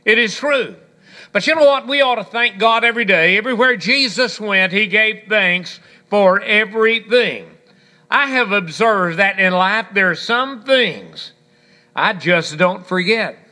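A man's voice: high-pitched, expressive, unhurried, bright, forceful tone. A man preaching a sermon on gratitude, folksy and storytelling, with scripture and a bit of humor. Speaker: pastor.

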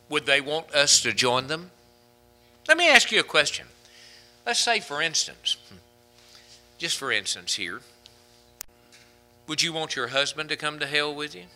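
A man's voice: fairly high pitch, very animated, unhurried, long pauses, bright, forceful tone, faint music behind. A man preaching a sermon from the pulpit, rising to fervent, emphatic peaks as he drives his points home. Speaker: pastor.

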